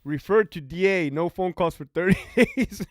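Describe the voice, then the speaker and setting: A man's voice: high voice, lively intonation, normal speed, very noisy. A man hosting a casual livestream, talking profanely and reading out viewer comments. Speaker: livestream host, former prison officer.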